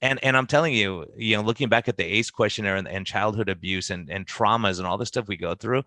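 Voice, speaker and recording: Guy doctor talking fast, lowish bright voice, really animated, plays out patient chats. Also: dry recording. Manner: animated, acts out patient conversations in quotes. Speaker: physician. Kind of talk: casual podcast discussion.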